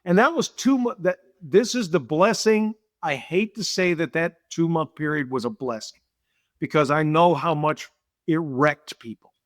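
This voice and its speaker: A man's voice: a little high, moderate pace, dry recording, studio quality. A middle-aged man, a business owner, telling stories in an interview and acting out the dialogue he quotes. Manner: animated, acts out quoted dialogue, repeats himself. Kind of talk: casual interview storytelling.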